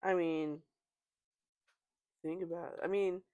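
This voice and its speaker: Woman, low voice, podcast host, casual reading and chatting. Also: steady tone, slow, mellow, muffled recording. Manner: conversational, reads posts aloud with laughs and fillers. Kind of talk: casual chat reading stories aloud.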